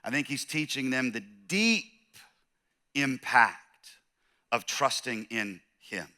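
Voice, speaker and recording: Pastor guy preaching in church, bright voice, chatty and animated storytelling. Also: mid-range voice, slow pace. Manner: storytelling, animated, self-deprecating, with restarts. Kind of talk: conversational sermon.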